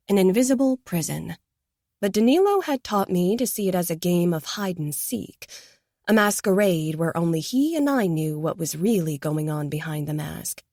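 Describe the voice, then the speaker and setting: Soft-voiced woman narrating a romance audiobook. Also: on the low side, no room sound, studio quality. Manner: soft, intimate, hushed at times.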